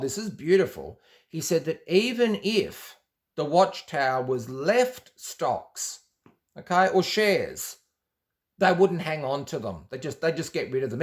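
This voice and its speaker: A man's voice: a little high, big pitch swings, unhurried. Rambling man telling a personal story. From Australia. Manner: rambling, with frequent restarts and quoted dialogue. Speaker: former Jehovah's Witness telling his story. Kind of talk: casual storytelling monologue.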